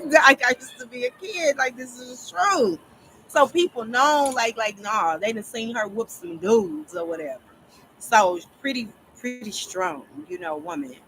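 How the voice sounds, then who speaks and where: A woman casually telling a long story to her viewers, rambling and animated, often laughing as she talks. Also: a little high, a little slow, slight background noise, low-quality recording. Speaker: storyteller vlogger.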